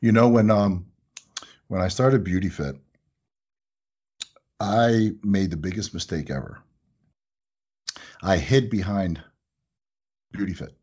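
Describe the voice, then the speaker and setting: A husky-voiced man tells stories about his business with animated energy, acting out the people in them. The recording is dull and lo-fi. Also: sits low, slow pace, long pauses. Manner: animated, acts out voices in anecdotes. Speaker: business owner, guest. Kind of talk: casual interview storytelling.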